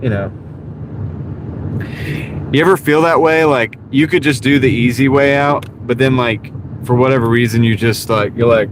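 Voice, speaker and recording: A man with a light Southern accent chats loosely while he drives, drifting from thought to thought and poking fun at himself. His voice sits at an ordinary middle pitch. Steady car and road noise hums under everything he says. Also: normal speed, long pauses. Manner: rambling, easygoing, self-deprecating, talks to chat. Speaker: gig delivery driver streaming live. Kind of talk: casual live-stream chat while driving. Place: inside a car at night. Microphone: wireless clip-on mic.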